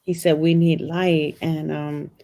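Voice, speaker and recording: A woman's voice: low voice, level tone, slow pace, warm tone. A middle-aged woman, a podcast guest, earnestly telling a personal story and repeating phrases for emphasis.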